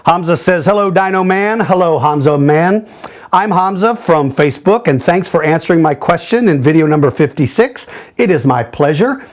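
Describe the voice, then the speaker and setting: A man's voice: on the high side, expressive, moderate pace. A middle-aged man hosting a casual question-and-answer video, friendly and jokey, thinking aloud with fillers. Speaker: host answering viewer questions.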